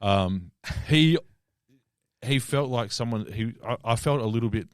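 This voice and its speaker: A man co-hosting a podcast, talking about a film in a halting way, with many restarts and fillers. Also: mid-range voice, animated, smooth, no room sound, studio quality. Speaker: podcast co-host. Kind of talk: casual movie chat.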